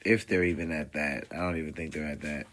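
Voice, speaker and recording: A man's voice: extremely low pitch, steady tone, fairly quick, a bit bright. A man hosting a livestream, commenting casually and conversationally, rambling with many fillers. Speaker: livestream host. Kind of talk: casual reaction stream commentary.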